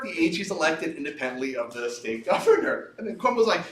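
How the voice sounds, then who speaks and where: A man, a lawyer, giving a talk and telling a story from his own cases in a lively, anecdotal way, laughing at parts of it. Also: on the high side, fast, few pauses, echoey room, far from the mic, a little hiss or hum. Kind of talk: storytelling lecture. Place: lecture room.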